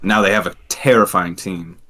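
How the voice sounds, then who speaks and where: A man chatting casually on a podcast, animated and quick to laugh as he tells a story. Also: deep voice, slight background noise. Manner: animated, laughs often, trails into restarts. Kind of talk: casual hockey chat.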